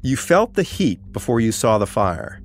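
A man from New Orleans narrating a documentary podcast in a deliberate storytelling manner. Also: mid-range voice, big pitch swings, faint music behind. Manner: deliberate storytelling, vivid phrasing. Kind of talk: scripted narration.

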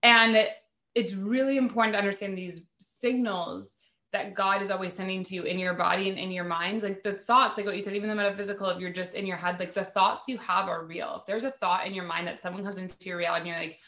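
Bright-voiced woman podcast host. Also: medium pitch, fairly even intonation, fast talker, reverberant. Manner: rambling, many "like" fillers. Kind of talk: casual spiritual podcast chat.

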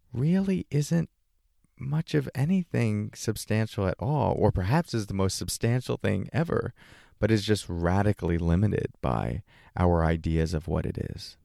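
A man's voice: lowish voice, creaky, warm tone, dry recording, studio quality. A man giving a reflective spiritual talk as a meditation teacher, asking questions and voicing a listener's doubts in a raised tone.

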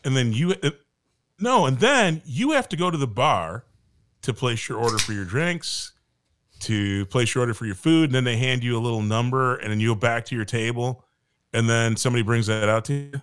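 A man's voice: mid-range voice, expressive, a little fast, fairly bright tone, smooth. A man co-hosting a casual podcast chat and ranting animatedly, with some profanity. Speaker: podcast co-host.

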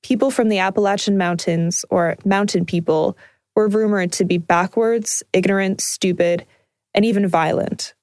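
A woman with a Canadian accent, calmly telling a personal documentary story in scripted narration. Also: mid-range voice, moderate pace, dry recording. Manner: calm, reflective storytelling.

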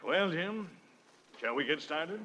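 A man's voice: a little high, expressive, slow pace, pushed and bright, full character voice. An actor playing a pompous, bossy businessman client in a 1950s radio comedy. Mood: blustering. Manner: pompous, blustering, overbearing. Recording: old radio broadcast with faint hiss.

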